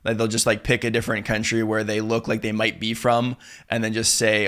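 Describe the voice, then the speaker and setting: A man's voice: on the low side, fairly quick. A man hosting an interview, chatting casually and loosely with lots of "like", sometimes acting out quotes. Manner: relaxed and chatty, many "like" fillers, acts out quotes. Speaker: interview host.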